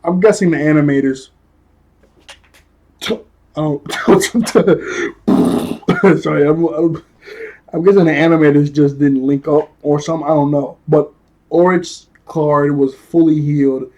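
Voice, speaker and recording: A man's voice: on the high side, fairly even intonation, takes it slowly, long pauses, warm tone. A young man casually recapping a cartoon episode in a rambling, slangy way, often laughing and correcting himself. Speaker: episode reviewer.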